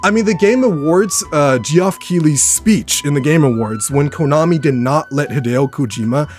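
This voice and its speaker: A young man live-streaming from his home room, rambling excitedly to his chat with a slightly worn voice. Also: on the high side, normal speed, faint music behind. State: voice getting worn.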